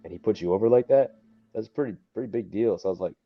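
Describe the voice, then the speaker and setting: A young man, a wrestler guest, telling stories casually and animatedly, laughing often and acting out others' lines in a high voice. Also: rapid-fire. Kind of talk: casual storytelling. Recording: dull lo-fi podcast audio.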